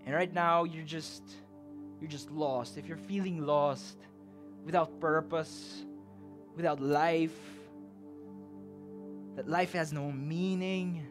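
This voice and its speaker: A man's voice: fairly high pitch, steady tone, slow, pauses often, over music. A man with a Filipino accent preaching a sermon and leading an altar call, earnest and repetitive, slipping Tagalog phrases into his English. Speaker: pastor.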